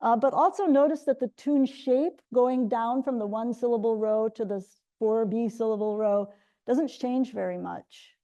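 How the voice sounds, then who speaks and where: A woman's voice: on the high side, moderate pace, warm tone, muffled recording. A middle-aged woman giving an academic linguistics talk, explaining step by step with frequent restarts. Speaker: linguistics lecturer.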